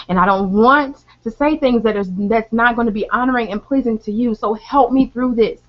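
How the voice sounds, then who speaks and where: A woman's voice: fairly high pitch, brisk, few pauses. A woman talking casually and earnestly about her faith at home, repeating phrases and slipping into spoken prayer. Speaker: faith vlogger. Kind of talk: casual faith talk to camera. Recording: dull lo-fi home recording.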